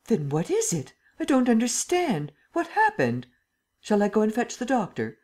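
A woman's voice: mid-range voice, sing-song, a little fast, dark tone, voice pushed up. A woman doing an impatient, imperious emperor. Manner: agitated, commanding. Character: imperious middle-aged male emperor, impatient.

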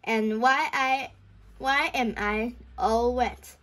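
A woman reading a children's book aloud, voicing a bossy, grumpy male school principal in a gruff, demanding way. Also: fairly high pitch, steady tone, slow, fairly bright tone.

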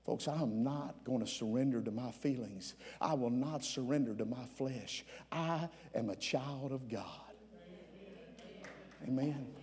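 A man preaching a sermon as pastor, with many "uh" fillers between phrases, rising at times to shouts. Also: mid-range voice, measured pace, big-room sound, a crowd in the background. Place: church sanctuary.

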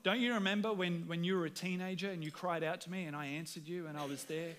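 A man voicing an amused, exasperated God in heaven, chiding gently with weary questions. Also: a little high, steady tone, fast talker, close to an everyday voice. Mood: reproachful.

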